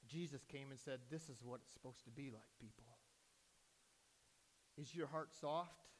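A man, a pastor, preaching a sermon in a church, swinging from hushed, slow lines to loud, excited bursts. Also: medium pitch, a little hiss or hum. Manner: preaching with sudden loud rises and hushed drops.

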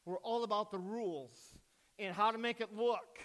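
A man, a pastor, preaching a sermon in a church, swinging from hushed, slow lines to loud, excited bursts. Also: sits high. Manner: preaching with sudden loud rises and hushed drops.

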